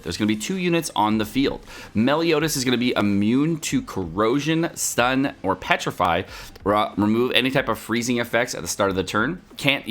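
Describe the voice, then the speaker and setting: A man's voice: lowish voice, a bit bright. A young man giving a casual game guide, laid-back and loose, with lots of ums and uhs and the odd swear. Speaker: gaming YouTuber.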